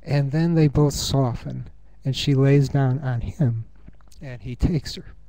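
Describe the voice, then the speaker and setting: A man giving a reflective conference talk, earnest and musing, thinking aloud with pauses. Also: mid-range voice, dark tone, dry recording. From United States. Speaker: conference speaker. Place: university conference room.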